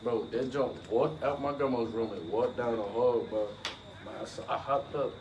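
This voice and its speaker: A man's voice: mid-range voice, moderate pace, recorded from a distance, dull audio. A man co-hosting a casual video, telling a story in slang and saying "bro" a lot. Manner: slangy, says "bro" constantly, animated retelling. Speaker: channel co-host. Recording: roomy, from off-mic, noisy.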